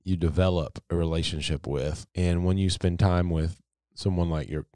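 A man's voice: sits low, steady tone, moderate pace, dark tone, no room sound, studio quality. A man in his thirties, a podcast host, chatting in a reflective way and searching for his words. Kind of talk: casual chat.

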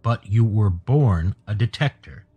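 A man's voice: on the low side, expressive, a little slow, dark tone, husky, dull audio, soft background music, heavily acted. A man voicing a rigid, dutiful male alien pilot who speaks in a stern, commanding way. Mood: indignant.

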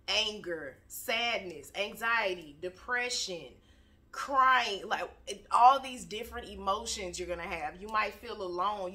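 A young woman gives motivational advice in a casual, candid talk. She is blunt and animated and swears freely. Her voice is bright and forward. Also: medium pitch. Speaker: motivational vlogger.

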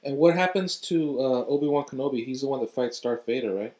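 Gentle, encouraging dad. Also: male voice, mid-range voice, a little fast. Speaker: father. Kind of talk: casual chat with his young sons. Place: at home. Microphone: home video camera.

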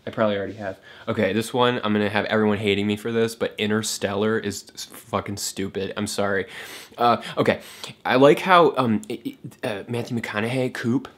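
A man's voice: on the low side, fairly even intonation. A man ranting casually about films, swearing a lot and mocking what he dislikes, with many fillers and restarts. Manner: profane, fast, scornful, many fillers and restarts; mocks characters in a raised voice. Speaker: film vlogger. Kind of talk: casual rant to camera.

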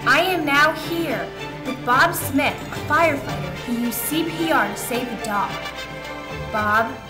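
An eager, chirpy female field reporter, put on by a teenage girl, talks high and slow. She drags each phrase out like a rehearsed live report. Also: lively intonation, over music.

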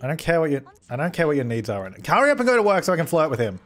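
A man hosting a gaming video, giving excitable let's play commentary, fretting aloud and talking at the characters on screen. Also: fairly high pitch, racing. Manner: excitable, frets aloud and talks at the game characters.

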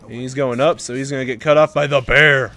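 A young man giving live commentary over his own gameplay, excitable and swearing, breaking into loud bursts. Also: medium pitch, brisk. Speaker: gaming commentator.

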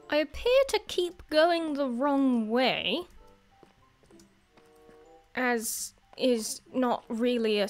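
A woman giving casual gameplay commentary as a YouTuber, chatty and excitable, laughing often and talking to the creatures on screen. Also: fairly high pitch. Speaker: gaming YouTuber.

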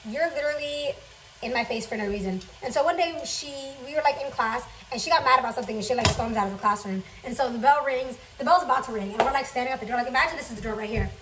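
Fast-talking young woman, high voice. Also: distant mic, background noise. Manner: fast, chatty, swears freely. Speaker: vlogger. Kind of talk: storytime while cooking. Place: home kitchen.

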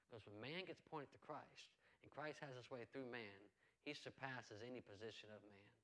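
A man's voice: mid-range voice, moderate pace, fairly bright tone. Earnest preaching pastor, man. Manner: earnest, conversational preaching with repetitions and asides. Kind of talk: sermon.

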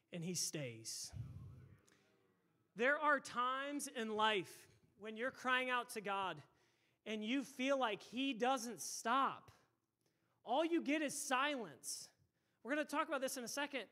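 High, bright-voiced preaching pastor. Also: male voice. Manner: energetic, emphatic preaching with rhetorical questions. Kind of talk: sermon. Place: church sanctuary.

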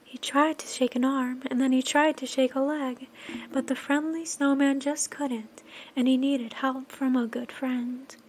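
A woman gently narrating and singing a children's story in a soft, sing-song voice that often drops to a whisper. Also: high-pitched, level tone, measured pace, a little hiss or hum.

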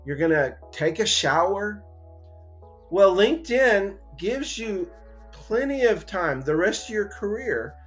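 Folksy, animated male recruiter. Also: high voice. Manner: animated storyteller, acts out voices in anecdotes; folksy and encouraging, many "you know" fillers. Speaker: engineering recruiter, interview guest. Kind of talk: casual conversational interview.

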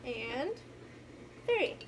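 A high-pitched woman leads a children's lesson at home, gentle and encouraging as she talks to the camera. Now and then she loses her place and backtracks. A faint hum of room noise sits behind her. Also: very animated, extremely slow. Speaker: teacher. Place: home with a carpet.

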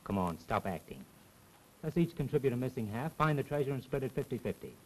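An actor playing a secretive treasure seeker who turns evasive and stammering, in a 1930s film. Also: male voice, mid-range voice, big pitch swings, fast talker, a little mellow, poor audio.

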